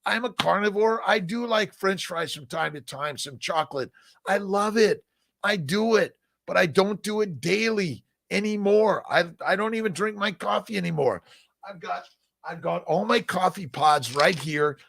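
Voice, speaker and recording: Answering viewer questions on a relaxed live stream, this older host reads comments aloud and replies with folksy, upbeat encouragement, frequently tacking on "right?" He has a high, creaky, somewhat bright voice and speaks at a normal speed. The audio is studio quality, free of any room sound.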